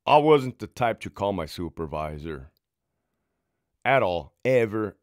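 A man's voice: fairly low pitch, lively intonation, unhurried, dry recording, clean studio sound. A man, a former prison sergeant, telling his own story to camera in a casual, heated, profanity-filled way.

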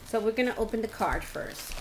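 A woman vlogger unboxing mail at home, talking slowly and gently with heartfelt thanks to God and her viewers. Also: fairly high pitch, expressive. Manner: slow, gentle, religious and thankful. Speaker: yarn crafting vlogger. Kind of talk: casual unboxing chat. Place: hot home room with a fan behind. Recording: faint fan noise.

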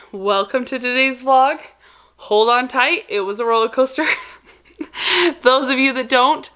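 A mother vlogging to camera from a moving car, trying not to cry as she talks quickly about a family emergency. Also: a little high, dry recording, rough recording. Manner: emotional, fighting back tears, talks fast. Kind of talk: casual vlog talk to camera. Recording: loud road noise behind.

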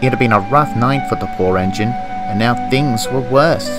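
A man reading a children's storybook narration in a gentle, expressive manner. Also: medium pitch, moderate pace, loud music behind the voice, poor audio.

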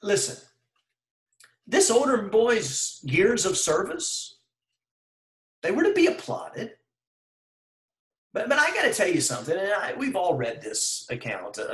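A man's voice: fairly high pitch, fairly bright tone, echoey room, rough recording. A man preaching an earnest sermon over a video call, calling his listeners brethren and putting questions to them. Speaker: preacher leading a devotion.

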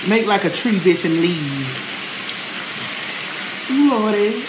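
A woman's voice: mid-range voice, normal speed, roomy sound, background noise. A woman hosting a casual cooking vlog from her home kitchen, a brash, profane, chatty storyteller. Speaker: host.

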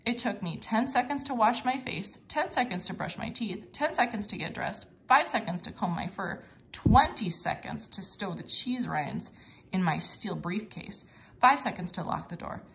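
A woman's voice: medium pitch, animated, moderate pace, creaky, fairly bright tone, slight background noise. A woman reading a children's mystery storybook aloud, with playful voices for the mouse characters. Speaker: read-aloud narrator.

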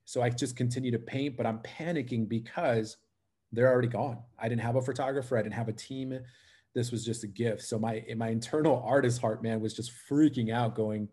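Man guest, lively storyteller, plays out his own inner voice, mid pitch. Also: a little fast. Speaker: guest, live wedding painter. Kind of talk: storytelling in a casual interview.

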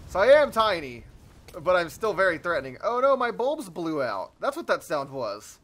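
A young man giving jokey, excitable commentary over a game he's playing, often yelping in surprise. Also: high-pitched, normal speed, slight background noise. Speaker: let's play host. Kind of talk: gameplay commentary.

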